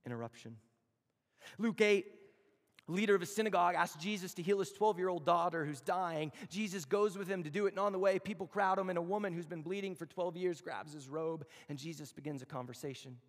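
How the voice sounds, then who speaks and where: Give me a man preaching in a reverberant hall, with a gravelly voice and a conversational, storytelling style. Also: high voice. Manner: storytelling, conversational, with slow emphatic phrases. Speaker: campus chapel speaker. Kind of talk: sermon.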